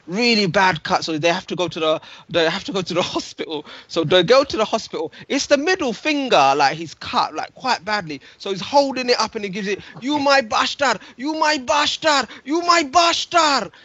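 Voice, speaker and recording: A high-pitched man, co-hosting a casual live stream. He spins animated anecdotes and reads out viewer comments, and the dry, dull recording has little room sound. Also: a little fast, few pauses, no room sound. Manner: animated storyteller acting out voices. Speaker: co-host. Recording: dull, muffled audio.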